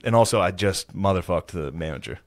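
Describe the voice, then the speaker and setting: A man with a low voice telling a rambling, profane story in a relaxed podcast chat. He drops swear words freely and slips into quick put-on voices of other people. The sound is dry and close, with no room echo. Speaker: podcast co-host.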